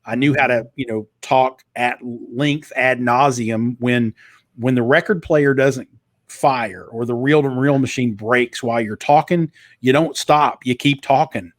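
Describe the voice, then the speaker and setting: Middle-aged male guest, slight Kentucky twang, polished radio-trained delivery, mid pitch, dry close sound. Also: a little slow, no echo. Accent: slight Eastern Kentucky twang. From Eastern Kentucky. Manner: fluent, polished broadcaster delivery with frequent restarts. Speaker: guest, author and former radio DJ. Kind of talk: casual interview conversation.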